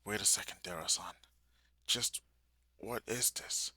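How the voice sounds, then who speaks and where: A man's voice: on the low side, a little slow, pushed and bright, husky, no room sound, clean studio sound, heavily acted. A man voicing a bewildered teenage boy in a plain reading voice, barely changed from his own. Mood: confused.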